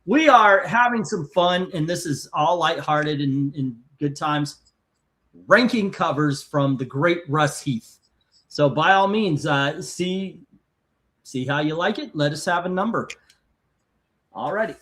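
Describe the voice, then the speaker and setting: A man's voice: on the high side, animated, a little slow, fairly bright tone. A man hosting a casual live stream, chatting and reading out viewer comments and scores. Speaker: host of a live comic-cover ranking stream.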